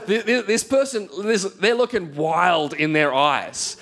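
A man's voice: high-pitched, unhurried, vocal fry, a bit bright. A man, a pastor preaching a conversational sermon in church and telling a story with self-deprecating humor. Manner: conversational, self-deprecating, acts out quoted voices.

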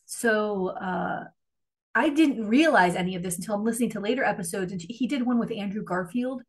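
A woman's voice: mid-range voice, fairly quick, slightly rough. A woman co-hosting a podcast in casual chat, rambling and gushing, swearing freely as she tells a story. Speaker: podcast co-host.

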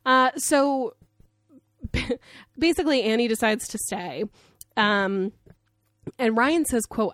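A woman's voice: on the high side, takes it slowly, long pauses, no echo. Woman cohost chatting about a show, swears a lot, does the characters' lines, dry close mic. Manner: animated, swears freely, quotes characters. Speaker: podcast co-host. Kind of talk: casual recap chat.

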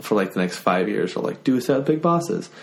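A man hosting a podcast in casual chat, talking fast with loose, slightly slurred enunciation. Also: on the low side, lively intonation. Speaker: podcast host.

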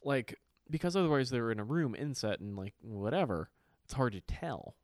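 Animated, swearing man chatting. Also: medium pitch, normal speed, dry recording, clean studio sound. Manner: animated, profane, acts out quoted voices. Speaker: podcast co-host. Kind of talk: casual chat.

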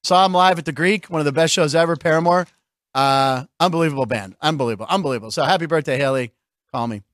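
High-voiced jokey male sports host. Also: quick pace, a bit bright, no echo. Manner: chatty, jokey, laughs often. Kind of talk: casual sports show banter.

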